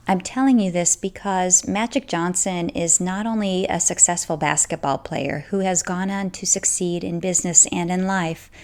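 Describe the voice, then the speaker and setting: A woman hosts a podcast and tells a story in a lowish voice with a gravelly edge. She speaks earnestly and leans on her words for emphasis. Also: a little mellow. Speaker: podcast host. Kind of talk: storytelling monologue.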